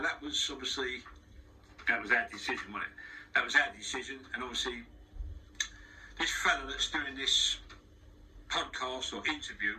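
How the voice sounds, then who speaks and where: A man's voice: medium pitch, pushed and bright, far from the mic, a little hiss or hum, low-quality recording. A man with a London accent, talking frankly as an interview guest in a studio, rambling with many restarts. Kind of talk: casual spoken monologue. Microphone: wearing headphones.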